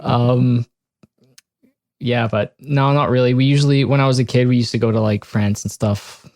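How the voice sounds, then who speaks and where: A man's voice: mid-range voice, steady tone, normal speed, darkish tone, dry recording, studio quality. A man co-hosting a podcast in casual chat, easygoing and laughing along as he talks. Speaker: podcast co-host.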